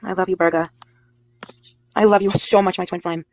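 A woman's voice: lowish voice, steady tone, normal speed, a little mellow, slight background noise. A woman in her thirties livestreaming, talking bluntly and profanely straight to her viewers' comments. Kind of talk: live stream talk to chat.

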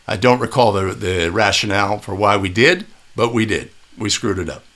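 Middle-aged male instructor, bright forceful tone, casual clip-breakdown teaching style. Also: fairly low pitch, normal speed. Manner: conversational, asks "right?" often. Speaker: basketball officiating instructor. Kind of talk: video breakdown commentary.

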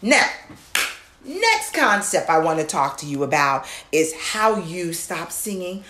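A woman voice coach teaching an online lesson, who often repeats herself and checks in with "okay?", now and then singing or shouting demonstrations. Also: fairly low pitch, sing-song, takes it slowly, reverberant, background noise. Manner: repeats words, checks in with "okay?" and "all right?"; sings demo lines and shouts "ha!" exercises.

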